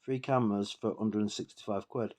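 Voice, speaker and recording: A man's voice: on the low side, fairly even intonation, brisk, darkish tone. A man, a bit tipsy from drinking, ranting in a rambling, sweary, indignant monologue for his vlog. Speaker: vlogger.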